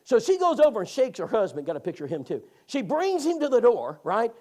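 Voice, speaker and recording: A man teaching a Bible class, telling stories in a folksy, animated way. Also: very high voice, brisk. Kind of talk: lively classroom storytelling.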